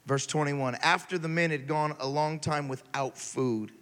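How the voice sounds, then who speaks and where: Animated preacher in a long-echo hall. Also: male voice, fairly high pitch, a little slow. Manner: animated, swings from quiet reading to loud exhortation. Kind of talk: sermon.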